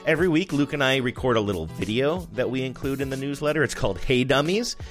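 A man co-hosting a podcast, chatting in an animated, rambling way. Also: medium pitch, fast, faint music behind. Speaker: podcast co-host. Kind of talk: casual chat.

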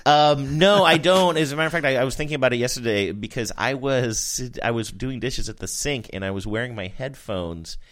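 A man's voice: medium pitch, a little fast, hardly any pauses, fairly bright tone. A man co-hosting a podcast, telling a rambling, self-deprecating story in casual chat. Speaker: podcast co-host.

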